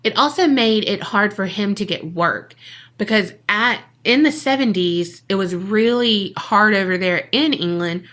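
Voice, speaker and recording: A woman's voice: medium pitch, a little slow, a bit bright. A woman, co-hosting a podcast and telling a story in a casual, jokey way that is full of swearing. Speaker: podcast co-host.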